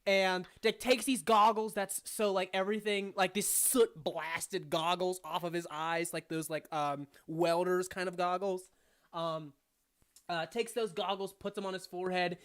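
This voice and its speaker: A woman's voice: on the low side, steady tone, measured pace. A woman narrating a tabletop game as game master in a casual, rambling way, full of fillers and frequent laughter.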